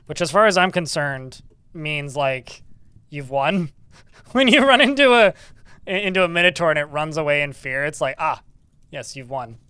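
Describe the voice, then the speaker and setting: A man's voice: on the high side, bright, forceful tone, clean tone, no echo. A man streaming a video game live, commenting on the action with dry, sarcastic asides and reading the game's text aloud.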